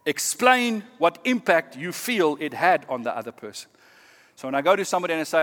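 A pastor giving a sermon in an earnest, measured way, often dropping to a quiet, emphatic tone. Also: male voice, high voice, lively intonation, in a large hall.

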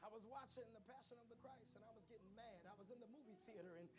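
A male preacher, delivering a sermon that swings between playful quiet asides to the congregation and shouted preaching. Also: sits high, very fast, music in the background.

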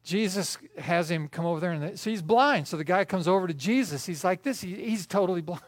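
An older man preaching a sermon as pastor, telling stories with swings between soft and loud. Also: high-pitched, fairly quick.

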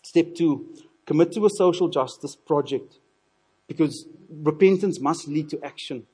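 Husky preacher, dark tone. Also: male voice, on the high side, unhurried. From South Africa. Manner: earnest, repeats words when building a point. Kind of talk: sermon.

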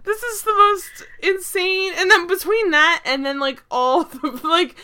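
A young woman co-hosting a podcast, recapping a TV episode in casual chat, animated and exasperated, laughing often with lots of fillers. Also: very high voice, measured pace. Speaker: podcast co-host.

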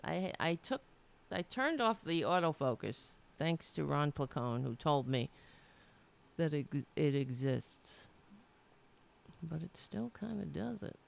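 A woman's voice: low-pitched, gravelly. A woman hosting a casual livestream from home, chatting candidly, laughing easily and swearing now and then. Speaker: political livestream host. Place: home room.

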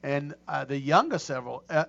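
A man's voice: on the high side, animated, moderate pace, vocal fry, a bit bright. A middle-aged man hosting a casual talk show, rambling with many restarts and fillers. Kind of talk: casual chat. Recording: dull lo-fi audio.

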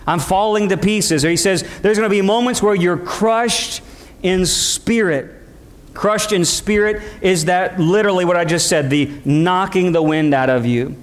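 High-voiced man preaching a sermon. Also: moderate pace. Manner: preaching, acts out quoted voices, calls for audience response. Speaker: pastor.

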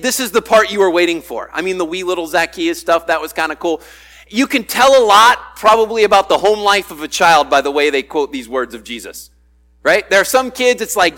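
A man's voice: high-pitched, pushed and bright. A man preaching a sermon in a conversational way, acting out the voices he quotes. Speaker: pastor.

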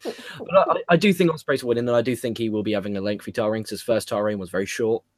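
A quick-talking man chats casually about wrestling. He swears easily and laughs at his own jokes. His voice is close and dry, with no room sound. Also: fairly low pitch, no echo. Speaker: podcast host.

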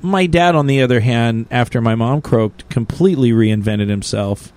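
A man's voice: medium pitch, moderate pace, darkish tone. A man co-hosting a casual podcast chat, joking and crude in a playful way. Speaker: podcast co-host.

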